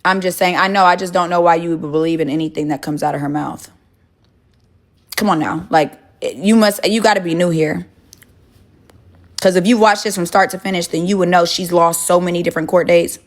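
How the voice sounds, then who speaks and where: A young woman broadcasts from her home kitchen on a phone livestream, talking casually and bluntly with her viewers, cursing and arguing with them. Her voice is lowish, a little fast, with fairly even intonation.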